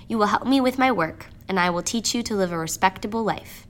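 A woman's voice: mid-range voice, brisk, close to an everyday voice. A woman voicing a kind, steadfast aging woman farmer in a told story, speaking plainly and earnestly. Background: music.

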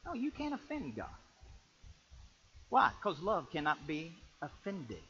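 A man preaching as pastor, in a folksy, animated storytelling way that jumps to loud peaks. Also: a little high, a little slow, highs cut off. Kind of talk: sermon.

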